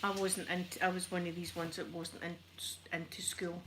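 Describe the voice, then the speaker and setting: A Scottish woman making a casual, soft-spoken ASMR chat video at home while ironing, rambling and poking fun at herself. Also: fairly low pitch, little pitch movement, moderate pace, background noise. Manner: chatty, rambling, self-deprecating. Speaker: ASMR YouTuber.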